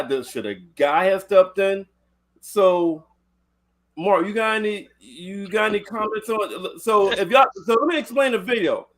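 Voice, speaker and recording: A man hosting a casual podcast chat, retelling a video in a loose, rambling way. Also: fairly high pitch. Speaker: podcast host.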